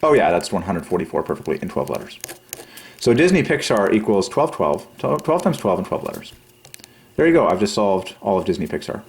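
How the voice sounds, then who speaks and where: A man hosting a religious channel, rambling through a numerology monologue, excitable and giggly, then dropping to low quiet mumbling while he counts. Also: creaky. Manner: giggly, excitable, breaks into high laughs. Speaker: religious YouTube channel host.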